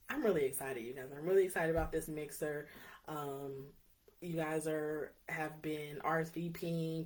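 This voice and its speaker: A woman with a low voice speaks in a relaxed, chatty way straight to her viewers. She talks earnestly with plenty of ums and keeps checking in with her audience. She comes across as a small-business owner sharing her own experience. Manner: chatty, earnest, frequent ums, addresses viewers as you guys. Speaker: signing service owner and notary. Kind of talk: casual live talk to an audience.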